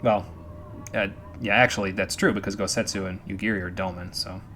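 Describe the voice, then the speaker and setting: A man's voice: low-pitched, fairly even intonation, fairly quick, a bit bright, soft background music. A man commentating a live game stream, chatty and jokey. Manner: chatty, jokey, frequent laughs.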